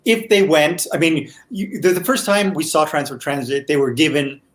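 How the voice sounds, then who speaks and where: A man, the creator of a TV series, explaining his choices as a guest in a casual online chat, speaking thoughtfully and haltingly. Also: on the high side. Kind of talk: casual video-chat commentary.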